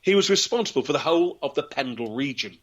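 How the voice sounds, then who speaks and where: A man's voice: fairly high pitch, lively intonation, fast talker, dull audio. A man telling a historical tale in a dramatic, theatrical way, acting out the voices. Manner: theatrical, vivid, acts out voices. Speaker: local historian storyteller. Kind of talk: dramatic storytelling.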